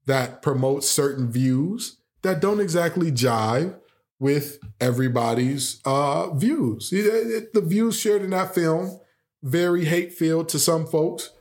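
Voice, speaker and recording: This male sports talk host, whose pitch is fairly high, delivers opinionated takes. He leans on animated rhetorical questions and sarcastic humor.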